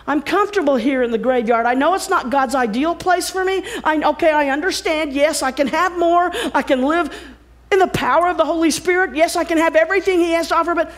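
A hesitant believer, as a woman preacher puts them on speaks in a high voice. They rush through their doubts in a wavering, pleading tone. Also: brisk, lightly acted. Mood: doubtful. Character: hesitant churchgoer doubting they can change.

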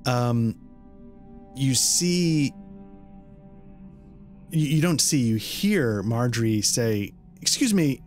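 A man's voice: medium pitch, very slow, pauses often, a little mellow, faint music behind. A man narrating as game master of a horror role-playing game, casual and explaining with many fillers.

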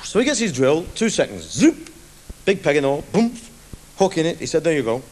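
A man's voice: a little high, sing-song, fairly quick, noisy background. A man with a Manchester accent telling rambling, comic stories as a stand-up comedian, live in front of an audience. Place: live venue before an audience. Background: audience laughter.

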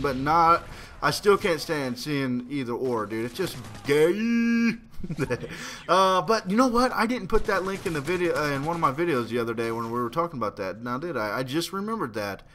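Young man, casual gameplay commentary, high voice, bright tone, rambling and excitable, swears a lot. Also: slight background noise. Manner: rambling, excitable, swears freely, bursts into shouting.

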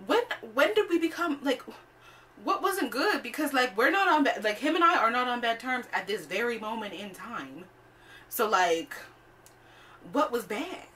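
A woman's voice: a little high, animated, moderate pace, bright, forceful tone, distant mic. A young woman telling a storytime in a blunt, profane, sassy way, full of fillers. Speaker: vlogger. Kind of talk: casual storytime rant.

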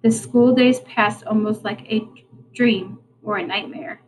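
A woman reading a children's novel aloud in a steady, plain storytelling way. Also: medium pitch, a little slow, background noise. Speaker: reader.

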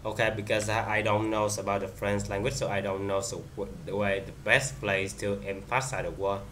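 Bright-voiced man demoing software haltingly. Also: fairly low pitch, flat delivery, slight background noise. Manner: halting, many fillers and restarts. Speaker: software reviewer. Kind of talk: screen-recorded software demo.

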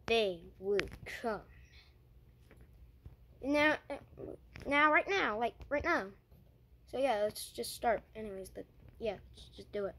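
High, lively-voiced woman in a playful skit. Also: slow pace, pauses often. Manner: playful, excitable, switching between characters; stammering restarts. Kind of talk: homemade character skit.

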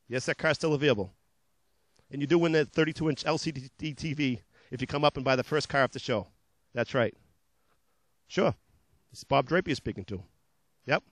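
A man hosting a local TV car sales show, pitching cars in upbeat, repetitive patter and joking about his own slips of the tongue. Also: fairly bright tone, dry recording.

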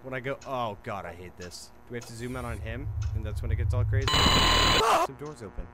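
A man's voice: medium pitch, big pitch swings, fairly quick, heavy background noise. Jumpy young man screaming through horror game. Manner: jumpy, screams at scares, self-mocking jokes. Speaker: gaming YouTuber. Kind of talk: horror gameplay commentary. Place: home bedroom.

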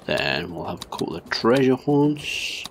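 Gravelly chatty gaming host, man. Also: mid-range voice, very animated, a little slow, slight background noise. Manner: chatty, laughing, swearing. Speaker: gameplay channel host. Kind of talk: casual game commentary.

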